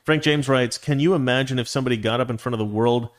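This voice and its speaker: A man's voice: mid-range voice, fast. Opinionated male livestream host. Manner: opinionated, rambling with frequent restarts. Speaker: live stream host. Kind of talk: livestream commentary reading super chats.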